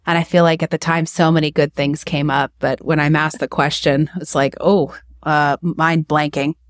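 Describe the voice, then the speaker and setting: A woman's voice: low voice, little pitch movement, moderate pace, no room sound, clean studio sound. A woman guest on a podcast, talking candidly about running a clinic, blunt and emphatic, with self-mocking laughs. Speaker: podcast guest, acupuncture practice owner. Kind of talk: candid interview talk.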